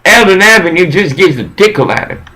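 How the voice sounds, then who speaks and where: A man giving a rambling, preachy monologue in an intense, halting way that circles back and repeats phrases. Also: high voice, animated, bright, forceful tone, poor audio.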